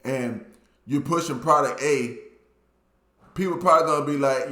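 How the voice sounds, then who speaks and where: A Southern man talks through viewer comments in a relaxed, plainspoken drawl at an ordinary pitch. He often circles back and repeats his points. The room around him rings with echo. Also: a little fast. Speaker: YouTube commentator. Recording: echoey room.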